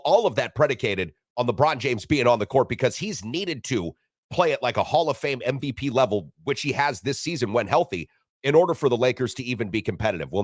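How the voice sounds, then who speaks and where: Male sports radio host, lively swooping delivery, dry close sound, crude joker. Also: mid-range voice, no room sound. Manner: animated, wisecracking, crude jokes. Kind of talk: casual sports talk show banter.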